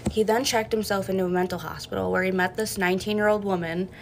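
A woman's voice: medium pitch, background noise. A young woman telling a personal story in a blunt, matter-of-fact way, as a casual storytime to camera.

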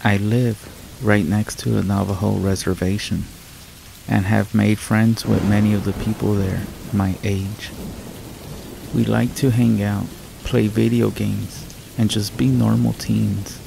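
Male horror narrator, deep gravelly fry, calm measured read, faint rain underneath. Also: noisy background. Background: rain sounds.

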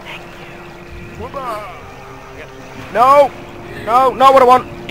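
A man's voice: very high voice, steady tone, very slow, pauses often, sharp tone, low-quality recording. A young man commentating a video game from his bedroom, sarcastic and sweary. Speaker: gamer. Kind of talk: let's play commentary. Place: bedroom at home.

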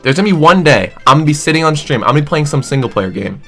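Animated young man ranting jokingly. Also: on the high side, racing, vocal fry, soft background music. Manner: animated, exaggerated, jokey, many fillers like "like" and "dude". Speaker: gaming streamer. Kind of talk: casual comedic rant.

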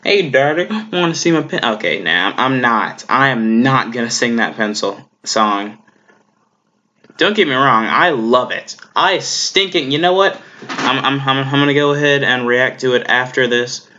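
A man's voice: medium pitch, a little slow, bright, forceful tone, lo-fi sound. A man hosting a reaction video, making wry, drawling asides over the clips.

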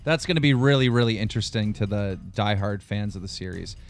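A man's voice: fairly low pitch, a little fast. Chatty male interviewer, faint music. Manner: eager, chatty questioning with "like" and "you know". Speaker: interviewer, host. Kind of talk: interview questions.

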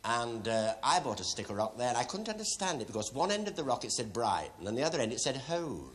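A man's voice: medium pitch, very animated, quick pace, fairly bright tone. A middle-aged man hosting a TV game show, chatting with contestants in camp, teasing banter full of asides and giggles. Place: TV studio with live audience. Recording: broadcast TV studio with audience noise.

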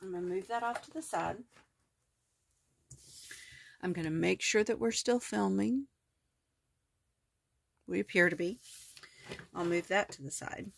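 A woman host walking through her collage journal in a casual, rambling way, hoarse with her voice cracking, full of ums and self-corrections. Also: mid-range voice, measured pace, long pauses, no room sound. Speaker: crafting video host. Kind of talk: casual crafting walkthrough.

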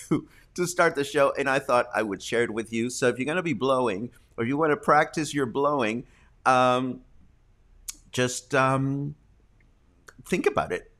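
A man's voice: mid-range voice, unhurried, fairly bright tone. A man hosting a casual news livestream, chatting and reading viewer comments with plenty of laughter. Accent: Mexican. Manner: chatty, prone to laughing fits. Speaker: host.

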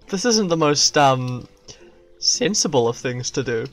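A man streaming a video game, giving casual commentary that swings from loud, profane yelps to quiet muttering. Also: medium pitch, animated, takes it slowly, pauses often, soft background music.

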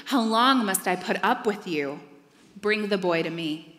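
A woman reading the words of Jesus, a calm commanding male teacher, in a scripture reading at church. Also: medium pitch, measured pace. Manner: reads scripture lines aloud in a church. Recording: long church reverb.

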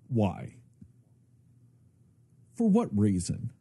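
This podcast co-host has a mid-range, slightly rough voice, recorded without echo. In loose conversation he goes on animated rants, cursing heavily as he talks.

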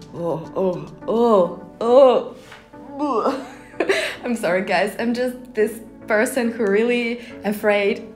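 Giggly young woman with lively pitch. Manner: giggly, laughs often, playful put-on voices. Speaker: vlogger reviewing cat costumes. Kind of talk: casual reaction commentary.

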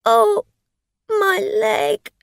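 Woman reader doing a pushy schemer, raised pitch, gravelly, slow. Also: expressive, dry recording, studio quality, full character voice. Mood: pained. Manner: sharp, insistent, bargaining. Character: scheming middle-aged woman, bold and demanding. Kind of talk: storybook reading.

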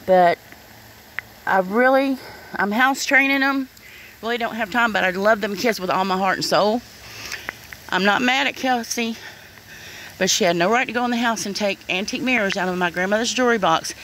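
A woman's voice: medium pitch, fairly quick, fairly bright tone, slight background noise, rough recording. Upset woman venting outdoors. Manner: upset, blunt, swears, says "honey" and "y'all". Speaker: vlogger. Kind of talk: casual vlog rant. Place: outdoors in the rain by her yard.

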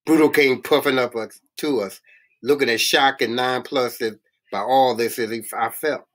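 A man reading a novel aloud in a halting way, often stumbling and restarting words. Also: mid-range voice, steady tone, a bit bright. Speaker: reader.

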